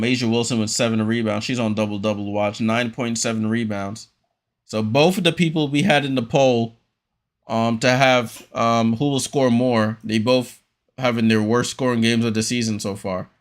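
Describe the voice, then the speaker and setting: A man hosting a live watchalong stream, calling the game play-by-play in a relaxed, chatty way with frequent ums and restarts. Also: mid-range voice. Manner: relaxed, chatty, many ums and restarts, reads chat aloud.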